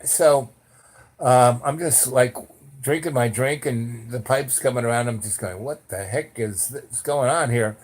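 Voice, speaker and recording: Casually recounting something that happened to him, this man rambles on, peppering his speech with "like" and "you know." His telling is lively, with marked shifts in pitch and loudness.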